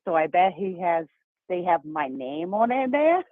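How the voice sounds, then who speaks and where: A woman from Brazil with a Brazilian accent, calling in to a show and talking fast and emphatically. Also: lowish voice, no room sound. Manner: fast, excited, emphatic talker. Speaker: caller. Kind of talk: call-in phone chat. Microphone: telephone. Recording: tinny dry phone line.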